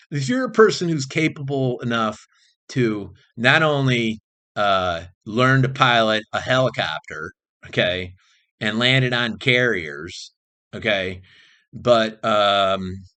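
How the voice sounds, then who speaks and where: A man's voice: medium pitch, animated, slow, sharp tone. A man vlogging in a rambling, casual monologue, cursing freely, restarting sentences and jumping between topics. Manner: frequent restarts and repeated phrases.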